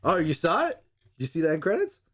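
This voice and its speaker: A man's voice: fairly high pitch, wildly swooping pitch, quick pace. A man chatting casually, swearing freely and acting out characters' lines as he recaps a show. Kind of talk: casual chat recapping an anime episode.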